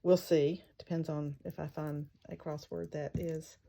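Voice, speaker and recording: A woman's voice: sits low, level tone, a little slow, vocal fry, background noise. A woman hosting a crafting vlog, chatting casually and thinking aloud as she works, sometimes whispering letters while she writes. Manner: spells words out in soft whispers as she writes. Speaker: craft channel host.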